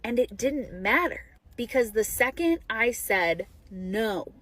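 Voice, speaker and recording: A woman speaks directly to her viewers in a firm, reassuring way and stresses her points. Her voice sits somewhat high, and the recording is dry and close. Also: sing-song, a little slow, bright, forceful tone, no room sound. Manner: emphatic and reassuring. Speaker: widow sharing her experience. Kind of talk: direct-to-camera talk.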